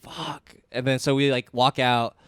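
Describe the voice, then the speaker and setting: A young man co-hosts a casual podcast, retelling a trip with animated energy and acting out what people said. His voice is smooth and resonant. The sound is close and dry, with no room around it. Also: medium pitch, fast, no room sound. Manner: animated retelling, acts out quotes, swears freely. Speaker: podcast co-host. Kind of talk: casual storytelling chat.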